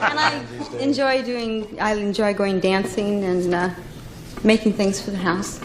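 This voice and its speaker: A woman's voice: medium pitch, slow, some chatter behind, a little hiss or hum. Shy, giggly middle-aged woman contestant. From California, US. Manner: shy, giggly, short answers. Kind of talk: answering a host's questions. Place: television studio. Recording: roomy studio sound.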